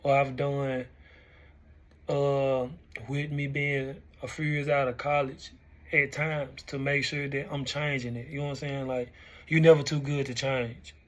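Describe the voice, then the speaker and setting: A young man in his twenties, hosting a weekly talk segment and reflecting in a relaxed, conversational way. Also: medium pitch, a little slow. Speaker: host. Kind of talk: casual talk-show commentary.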